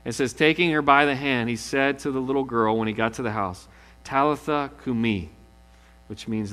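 A man's voice: mid-range voice, moderate pace, fairly bright tone, big-room sound. A male pastor preaching a sermon, telling stories with animation and acting out the quoted lines.

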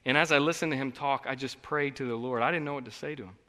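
A man's voice: medium pitch, fast. Man preaching in an echoing church hall. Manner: earnest and conversational, swings from quiet to emphatic. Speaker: pastor. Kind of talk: sermon. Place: church sanctuary.

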